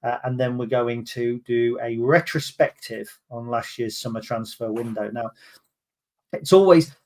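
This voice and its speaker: A chatty man hosts a casual football podcast in a voice of middling pitch. He talks in a loose, self-mocking way and drops in plenty of ums between points. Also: unhurried, a little mellow. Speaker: podcast host.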